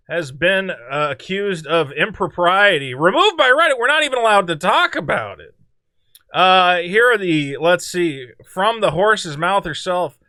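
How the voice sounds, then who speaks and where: Male commentator, high and bright, sarcastic and animated, dry close sound. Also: clean tone, dry recording. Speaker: online commentator.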